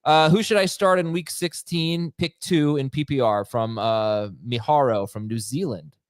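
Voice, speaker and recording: A man hosting a casual sports podcast panel, reading out listener questions and arguing his points in a brisk, upbeat way. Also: mid-range voice, no echo.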